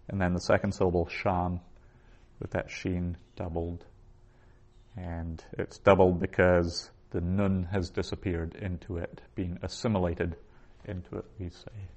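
A male teacher lectures a class on Hebrew vocabulary and grammar. He speaks slowly and deliberately in a fairly low voice, saying each word twice before explaining it. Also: darkish tone.

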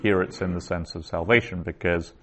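Deep-voiced man teaching Hebrew grammar. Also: fairly even intonation. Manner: patient, explanatory, reads Hebrew phrases aloud slowly. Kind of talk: recorded grammar lesson.

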